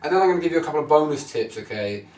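A man's voice: a little high, lively intonation, rapid-fire, darkish tone. A man giving blunt, swearing skin care advice to camera, often checking in with "right?" and "okay?". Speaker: men's fashion vlogger. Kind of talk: casual direct-to-camera advice. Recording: echoey room, mic at a distance.

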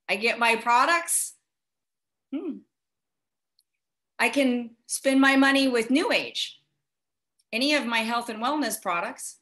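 An American businesswoman giving an emphatic motivational sales pitch over a video call, urging listeners and acting out their doubts. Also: bright, forceful tone. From United States. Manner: emphatic, urging, with acted-out asides. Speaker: guest speaker.

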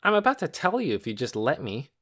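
In an audiobook, a man plays a smug, self-important boy who lectures in a precise, teacherly way with a superior air. His voice sits at medium pitch but is pushed up, with huge swings in pitch, a fairly quick pace and a fairly bright tone.

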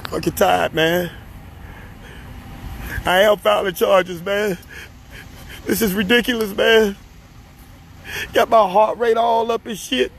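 Standing on a street beside a car, a man films himself on his phone, tearful and agitated, ranting as faint street noise carries behind him. His voice is high, slow and fairly even in intonation, with vocal fry and frequent pauses. He repeats himself, swears heavily and keeps building toward shouting.

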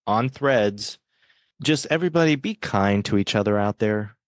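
A man's voice: lowish voice, expressive, normal speed, no echo, clean studio sound. A man hosting a podcast in casual chat, friendly and joking with his co-host.

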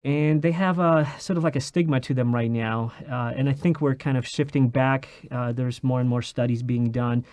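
A man hosting a podcast, framing questions with many pauses and fillers. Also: mid-range voice, steady tone, darkish tone, clear, resonant tone, dry recording. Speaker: podcast host. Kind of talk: interview questions and chat.

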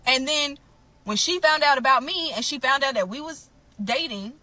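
A woman's voice: high-pitched, moderate pace, sharp tone, dry recording, soft background music. A woman telling her own story to camera, blunt and emphatic, often calling out to her viewers.

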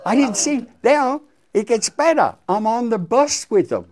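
The older English guest musician's voice is extremely high-pitched and his pace measured as he tells career stories in a storytelling interview. Animated throughout, he acts out the quotes.

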